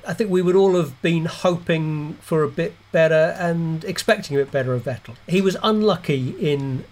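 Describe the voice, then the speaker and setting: Co-host guy, kinda high voice, measured, thinks out loud. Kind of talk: casual chat analysis.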